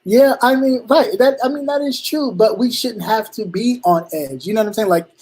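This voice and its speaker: A man hosting a talk show in casual commentary, slangy and animated, acting out little exchanges, with halting restarts. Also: sits high, husky. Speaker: show host.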